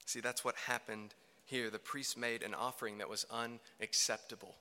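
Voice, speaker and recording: A man preaching a sermon to a congregation, emphatic, swinging between loud declarations and hushed lines. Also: medium pitch, fairly even intonation, moderate pace. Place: church hall. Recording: reverberant hall.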